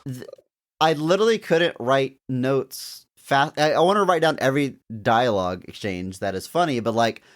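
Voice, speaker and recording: A man in an even, middle pitch hosting a casual podcast chat. He talks with enthusiasm, stopping now and then to act out quoted lines. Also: moderate pace. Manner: enthusiastic, recounts scenes with acted-out quotes. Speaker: podcast host.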